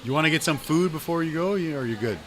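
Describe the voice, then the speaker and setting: A man's voice: fairly high pitch, animated, quick pace. Laid-back, enthusiastic male podcast host. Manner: laid-back, enthusiastic, stammers and repeats words. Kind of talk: casual chat. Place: restaurant.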